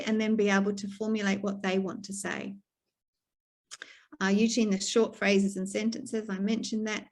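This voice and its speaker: A middle-aged woman from New Zealand, a speech pathologist, giving an online talk to a stroke support group in a plain, practical way with fillers and restarts, over a video call. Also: on the high side.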